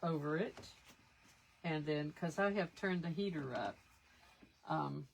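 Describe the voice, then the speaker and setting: Low gravelly woman, slow and chatty. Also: a bit bright, slight background noise. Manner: chatty, rambling, self-deprecating. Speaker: craft livestream host. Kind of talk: casual live craft demonstration.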